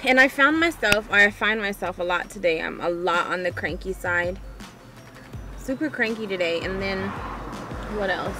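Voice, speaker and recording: A woman's voice: medium pitch, moderate pace, music in the background. A woman talking frankly in a casual video diary, complaining and chatting as a vlogger. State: out of breath.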